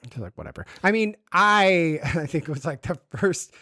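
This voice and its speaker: A man co-hosting a podcast in casual chat, laid-back and quick to agree. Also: a little high, lively intonation, bright, forceful tone, no room sound, studio quality. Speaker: podcast co-host.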